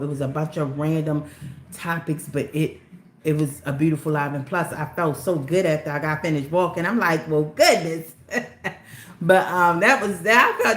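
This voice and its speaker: Low-voiced woman with a Baltimore accent, livestream host, earnest and rambling, roomy echo. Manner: earnest, rambling, repeats herself for emphasis. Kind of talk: casual livestream monologue. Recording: roomy echo with faint background noise.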